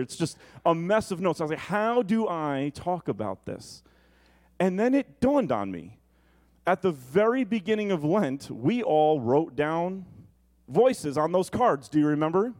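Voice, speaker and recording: A male pastor preaching an earnest, personal sermon in a church, slowing down for emphasis and rushing through asides. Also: fairly high pitch, darkish tone. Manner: earnest and personal, shifting between slow emphasis and quick asides. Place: church sanctuary.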